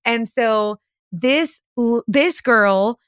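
A woman host telling a story in casual chat, animated and full of "like", acting out what people said. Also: a little high, drawn-out words, clean tone, no echo, studio quality. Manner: animated, lots of "like", acts out quotes. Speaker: podcast host.

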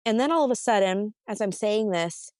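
Woman retelling a betrayal, animated. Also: mid-range voice, normal speed, dry recording, studio quality. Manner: animated, acts out both sides of a phone argument. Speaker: guest. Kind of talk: casual podcast storytelling.

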